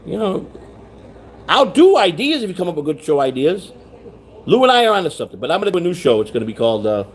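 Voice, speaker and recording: A man's voice: mid-range voice, a little mellow, a little hiss or hum. A man hosting a rambling livestream chat, repeating himself, restarting sentences and reading viewer comments aloud. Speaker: livestream host.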